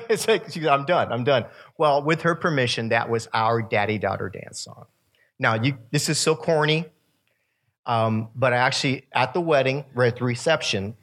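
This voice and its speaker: A man's voice: medium pitch, fairly bright tone. A man in his fifties giving a sermon-style talk to young people, telling stories and laughing at his own asides. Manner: storytelling with laughs and asides to the room.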